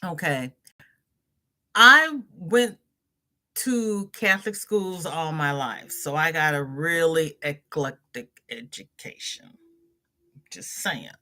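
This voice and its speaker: A middle-aged woman hosts a crochet livestream in an easy, chatty way, laughing as she greets viewers by name and reads their comments aloud. She talks at an unhurried, drawn-out pace, with a slightly low pitch and a bright, forward tone. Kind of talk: casual chat reading live comments.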